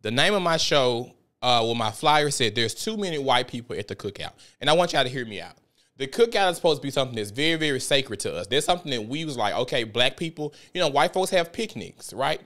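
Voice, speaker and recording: A man's voice: medium pitch, big pitch swings, fast talker, a bit bright. A man hosting a podcast, telling stories and ranting in a heated, profane, emphatic way. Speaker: podcast host. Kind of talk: casual ranting monologue.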